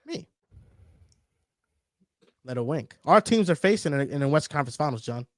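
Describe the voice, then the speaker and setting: A man hosting a casual sports debate show, talking in an animated, teasing, emphatic way. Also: fairly high pitch, moderate pace, dry recording, clean studio sound. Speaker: sports talk show host.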